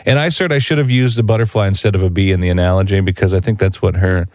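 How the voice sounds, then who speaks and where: A man co-hosting a radio talk show, keen and playful, often jumping in to agree. His voice sits somewhat low. The recording is dry and close, with no room sound. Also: fairly even intonation, rapid-fire, darkish tone, no echo. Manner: enthusiastic, playful, chimes in often.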